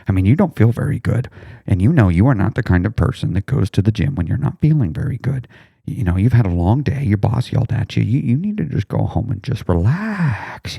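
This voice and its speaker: A man voicing a soothing male inner voice that coaxes the listener to give up, soft and half-whispered. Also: lowish voice, gravelly, breathy edge, no echo, clean studio sound, full character voice. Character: soothing tempting male inner voice urging to quit.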